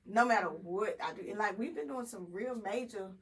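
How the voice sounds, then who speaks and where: A woman co-hosting a casual podcast chat, animated and self-mocking, laughing a lot. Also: medium pitch, moderate pace, far from the mic, rough recording. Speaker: podcast co-host.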